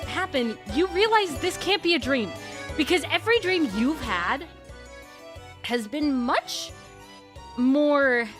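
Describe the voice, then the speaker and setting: A woman streamer casually retelling a long dream story, full of "like" and slow dramatic pauses. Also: sits high, expressive, soft background music.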